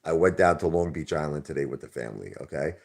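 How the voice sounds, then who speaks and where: A man's voice: a bass voice, animated, fast talker, creaky. A middle-aged man, hosting a casual livestream and rambling to his viewers in a street-talking way. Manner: rambling, street-talking, calls people brother. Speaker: livestream host.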